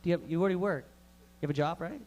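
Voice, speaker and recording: A man with a high-pitched voice working the crowd at a live open mic. His stand-up is crude and loud, full of hyped banter thrown straight at the audience. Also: very fast. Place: live comedy room in a vapor lounge.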